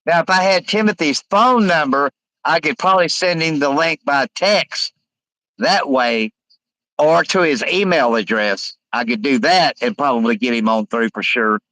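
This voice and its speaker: Man, livestream host, halting rambling delivery, slightly high, dry close mic. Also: pushed and bright, no room sound, rough recording. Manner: rambling, halting, many uh fillers. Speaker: live stream host. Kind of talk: casual live stream chat, reading comments aloud.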